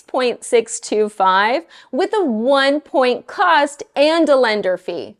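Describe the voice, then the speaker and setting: A middle-aged woman mortgage lender talking casually to her viewers, blunt and animated, often exasperated. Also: sits high, slow, few pauses.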